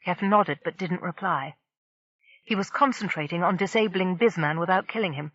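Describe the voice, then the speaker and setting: A woman narrating a science fiction audiobook in a steady, dramatic reading style. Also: on the low side, moderate pace, dry recording, highs cut off. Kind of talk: scripted narration.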